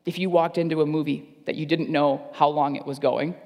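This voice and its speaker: Gravelly-voiced pastor preaching in a big hall. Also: male voice, on the high side, fairly even intonation, a little fast, darkish tone. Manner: earnest, repeats phrases for emphasis. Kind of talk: sermon. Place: church service.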